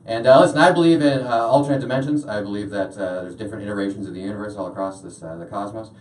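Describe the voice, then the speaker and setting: Rambling young stand-up comedian, echoey. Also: male voice, fairly low pitch, racing, darkish tone. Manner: rambling with many filler uhs. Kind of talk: stand-up set. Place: small washroom used as a stage. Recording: echoey room, voice from far off.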